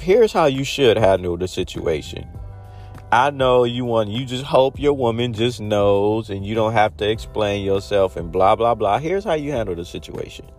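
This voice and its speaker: A man talks straight to camera in a casual monologue. His pitch swings lively up and down as he tells blunt stories and acts out both sides of a conversation. His delivery is animated and unfiltered, with faint music underneath. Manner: blunt, animated storytelling with acted-out quotes. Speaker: vlogger giving dating advice.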